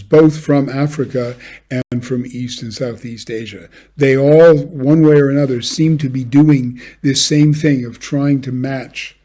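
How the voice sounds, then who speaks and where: A man giving a measured academic lecture, now and then singing short examples. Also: mid-range voice, mellow. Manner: measured, with brief sung examples. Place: home office, recorded for an online lecture.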